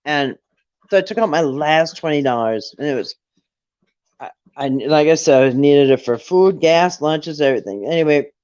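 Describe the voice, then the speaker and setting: On a late-night chat, a middle-aged man tells a personal story in a casual, rambling way, often restarting and quoting his own thoughts. His voice is a little high, clear and resonant with a darkish tone, at normal speed, with no room sound, captured in a dull, dry lo-fi recording.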